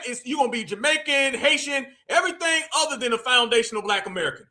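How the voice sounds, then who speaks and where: Male stream host, very high voice with a sharp edge, mocking and preachy, breaks into shouts. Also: expressive, fast. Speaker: livestream host. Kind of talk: live commentary stream.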